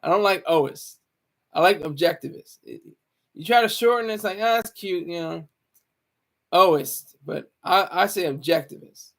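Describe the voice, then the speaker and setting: A man's voice: on the high side, moderate pace, fairly bright tone. A man talking casually on a live stream, rambling with many stammered restarts.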